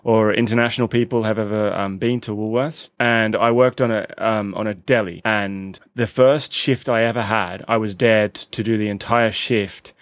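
A man's voice: lowish voice, fairly even intonation, moderate pace, few pauses, no echo. A man with an Australian accent co-hosting a podcast, joking and rambling in casual chat. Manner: joking, rambling, self-deprecating. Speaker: podcast co-host.

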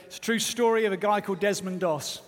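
A man's voice: sits high, fast. A man preaching a sermon with fervent, earnest exhortation. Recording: long hall reverb.

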